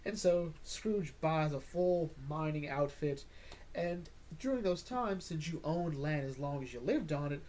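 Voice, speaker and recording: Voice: medium pitch, warm tone. A host casually recapping a comic story, laid-back with chuckling asides.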